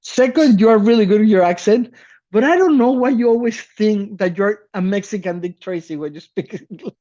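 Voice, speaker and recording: A man from South America co-hosting a podcast in casual chat, animated and laughing, swearing casually. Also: high-pitched, fairly quick, dull audio. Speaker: podcast co-host.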